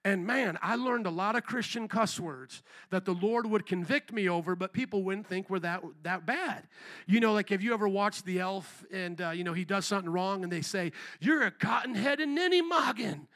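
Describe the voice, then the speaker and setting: A man preaching a sermon as pastor, telling stories with animated, acted-out quotes to his congregation in a church. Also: high voice, moderate pace. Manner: animated storytelling, acts out quoted voices. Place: church sanctuary.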